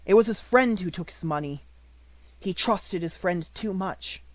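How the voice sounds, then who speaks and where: A man reading an audiobook and voicing a quiet, grave orphaned little girl in a raised, soft, steady voice. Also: high voice, measured pace, dry recording, voice pushed up.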